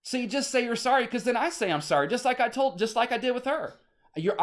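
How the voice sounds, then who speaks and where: Male vlogger, high-ish voice, agitated rambling rant, salty language. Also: lively intonation, fast. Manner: agitated, rambling, swears often. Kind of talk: casual ranting monologue.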